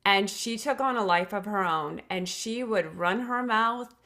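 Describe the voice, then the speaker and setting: A woman's voice: mid-range voice, measured pace, sharp tone. A middle-aged woman, a podcast guest, telling a personal story in an earnest, reflective way with emphatic restarts.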